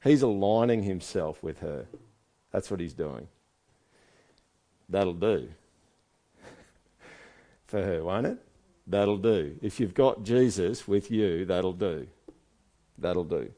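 A man's voice: low-pitched, animated, slow pace, pauses often, mellow. A man preaching a sermon in a conversational way, asking his listeners one rhetorical question after another. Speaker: pastor.

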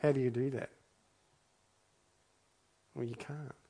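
A man's voice: mid-range voice, steady tone, slow pace, mellow, husky. A man preaching a sermon, reading scripture aloud and then reflecting on it in an earnest way, often repeating his phrases for emphasis. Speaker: pastor.

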